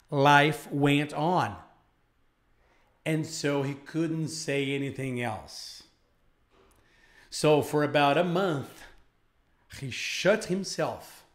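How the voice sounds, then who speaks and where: Male English teacher, live lesson storytelling, slow delivery, slightly high voice. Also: reverberant.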